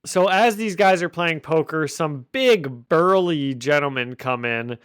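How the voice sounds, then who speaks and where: A man's voice: a little high, unhurried, fairly bright tone, smooth, dry recording, studio quality. A man hosting a podcast, casually recapping a comic with jokes and frequent laughs. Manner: jokey, laughs often while recapping. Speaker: podcast host. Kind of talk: casual chat.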